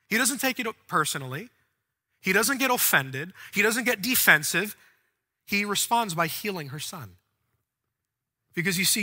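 A man preaching a sermon as pastor of a church, swinging from quiet, soft passages up to fervent, near-shouting peaks. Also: fairly high pitch. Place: large church auditorium. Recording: long hall reverb.

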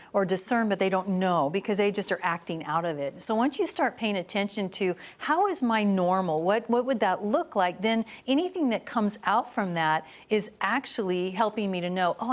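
A middle-aged woman speaking as a guest on a Christian talk show, telling lively stories and acting out what people said. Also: mid-range voice. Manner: animated storytelling, acts out quoted voices.

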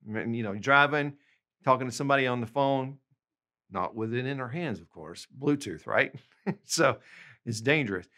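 Guy teaching a language lesson, patient, says the example bits slow and clear. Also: mid-range voice, expressive, sharp tone. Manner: patient, slows down for example phrases. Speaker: language tutor. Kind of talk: explaining lessons to camera.

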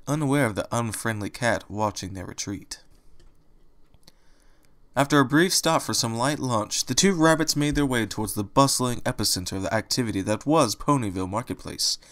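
A man narrating a fan audiobook, his voice at a middling pitch. He keeps the storytelling plain and steady between the characters' lines. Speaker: reader.

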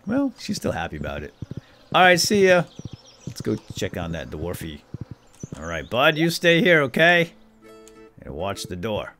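Animated, jokey man narrating a game. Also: on the low side, a little slow, pauses often, faint music behind. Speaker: let's play host. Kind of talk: casual gameplay commentary.

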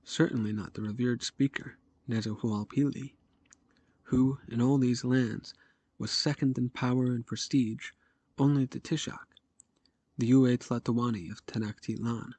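A man reading a novel aloud in a measured first-person narration. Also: medium pitch, fairly even intonation, darkish tone, slightly rough, dry recording. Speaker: audiobook narrator.

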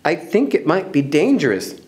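A man's voice: high voice, very animated, unhurried, dark tone, voice pushed up. A man voicing a small, timid young female elephant in a storybook, speaking meekly and hesitantly. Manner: meek, hesitant.

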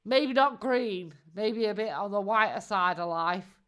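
A woman's voice: medium pitch, expressive, measured pace, fairly bright tone. A woman, giving casual live-stream commentary in a mocking tone, laughing often and swearing freely.

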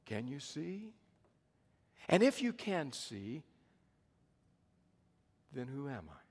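A man's voice: medium pitch, big pitch swings, takes it slowly, husky, heavily acted. A man voicing Jesus as an earnest adult teacher who asks his followers searching, emphatic questions, with a long hall echo.

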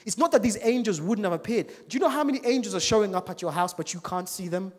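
A male preacher giving a church sermon, animated and full of rhetorical questions to the congregation. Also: high-pitched, quick pace, slightly rough. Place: church service. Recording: long reverb of a large church hall.

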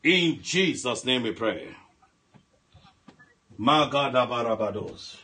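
A man preaching on a prayer line, swinging from soft murmurs to shouted commands and speaking in tongues. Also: medium pitch, very animated, unhurried, slightly rough. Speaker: pastor. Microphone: phone line broadcast.

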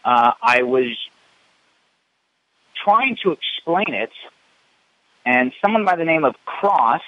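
A man calling in an indignant, halting way with lots of fillers and restarts, over muffled phone audio. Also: fairly high pitch, big pitch swings, no echo. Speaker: caller. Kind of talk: phone complaint.

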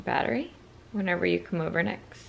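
A woman with a slightly gravelly voice chats to her camera at home in an easy vlog style. She teases the person beside her and laughs often. The recording carries a clear hiss of background noise. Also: fairly low pitch, lo-fi sound. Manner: playful, teasing, quick to laugh. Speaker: vlogger. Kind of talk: casual home vlog chat. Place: home kitchen and living room.

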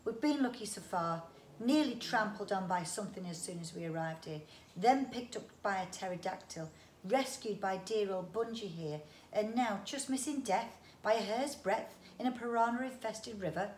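A woman's voice: mid-range voice, normal speed, a little mellow, a little hiss or hum, natural voice. A woman reading a worried young boy. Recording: roomy echo.

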